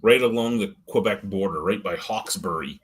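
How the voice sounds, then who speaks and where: A middle-aged man hosts a loose live-stream chat in a husky, somewhat low voice. He tells his stories bluntly, swearing freely and laughing along the way. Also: brisk. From Ottawa Valley, Canada. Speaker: podcast host.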